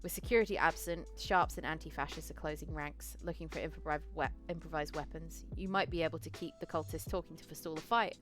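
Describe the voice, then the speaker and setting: A woman with a fairly low voice narrates a tabletop role-playing session in the second person. She keeps a casual, easy tone and corrects her own slips along the way. Quiet music plays faintly behind her. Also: steady tone, quick pace, hardly any pauses. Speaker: game master and narrator. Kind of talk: solo tabletop game narration.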